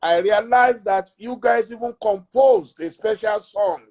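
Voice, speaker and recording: A man's voice: sits high, unhurried, darkish tone. A man hosting a casual live-stream chat, chatty and fond of telling a joke. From Nigeria. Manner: chatty, tells a joke with a chuckle.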